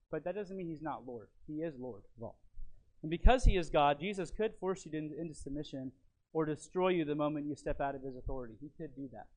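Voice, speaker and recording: Emphatic preacher, a man. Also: fairly high pitch. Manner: earnest and emphatic, swings from loud stresses to quiet lines; teacherly, walks through notes and fill-in blanks. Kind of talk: sermon.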